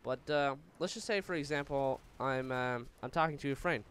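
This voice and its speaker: A man's voice: medium pitch, fairly bright tone, slight background noise. A man with a Newfoundland accent, ranting casually over gameplay with many fillers and stumbles. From Newfoundland, Canada. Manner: rambling, stumbling, full of fillers; talks fast by habit. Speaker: gaming channel host.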